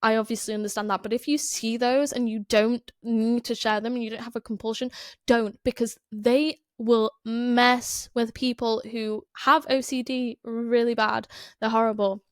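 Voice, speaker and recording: A woman's voice: fairly high pitch, flat delivery, moderate pace, smooth, dry recording, clean studio sound. A young woman with a Northern English accent, hosting a podcast in a rambling, chatty way full of fillers and restarts. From Northern England. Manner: chatty, rambling, many "like" fillers, self-interrupting. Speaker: podcast host. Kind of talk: casual chat.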